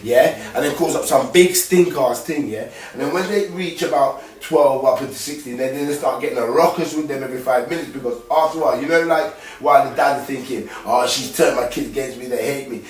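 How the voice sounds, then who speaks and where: A man with a mid-range voice talks a little fast with hardly any pauses, recorded from far off in an echoey room. In a casual, rambling monologue full of street slang and tag questions, he gives advice as a dad.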